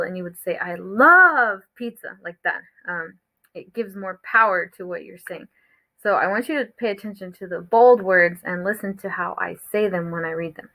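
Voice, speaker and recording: Bright-voiced teacher reading to kids. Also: female voice, mid-range voice, rough recording. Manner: warm, encouraging, explains slowly with fillers. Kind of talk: reading a picture book aloud to a class.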